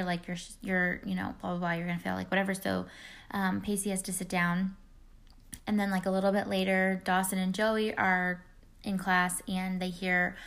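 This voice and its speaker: A woman's voice: medium pitch, a bit bright. A woman in her thirties casually recapping a TV episode, rambling with many fillers. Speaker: recap vlogger.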